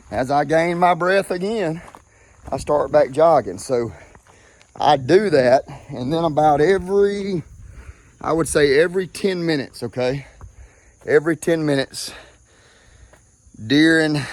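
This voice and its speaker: A man's voice: fairly high pitch, no room sound. A man with a Mississippi accent, out of breath, talking casually while walking outdoors and keeps saying okay. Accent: Southern US, Mississippi. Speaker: vlogger.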